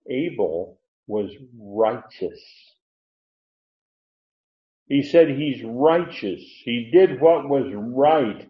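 A man preaching a sermon, explaining a Bible passage verse by verse in an unhurried, digressive way with many fillers. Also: medium pitch. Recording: roomy, muffled.

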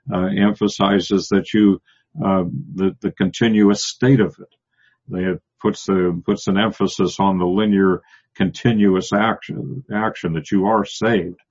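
A man teaching a Bible passage verse by verse, pausing often and restarting, explaining the Greek words. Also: sits low, a little mellow, husky, lo-fi sound. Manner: halting, many restarts and fillers, explains Greek word by word. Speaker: preacher.

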